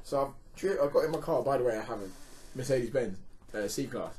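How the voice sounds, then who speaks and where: A man's voice: medium pitch, brisk, dark tone. A man telling a long story in a casual podcast chat, laughing and restarting often. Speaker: podcast guest.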